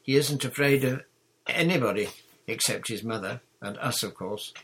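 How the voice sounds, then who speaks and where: A man's voice: mid-range voice, fairly bright tone, slight background noise, voice pushed up, natural voice. A man reading a storybook, voicing a bold, bossy girl who leads her friends like a pirate captain. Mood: excited. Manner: commanding, brisk, dramatic.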